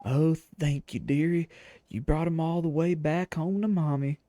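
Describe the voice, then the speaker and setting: A man's voice: fairly high pitch, steady tone, normal speed, dark tone, dry recording, natural voice. Man doing a doting old lady, all dearie. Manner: fussy, motherly, calls people dearie. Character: doting older woman, a cat-loving shopkeeper. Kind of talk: game dialogue read-aloud.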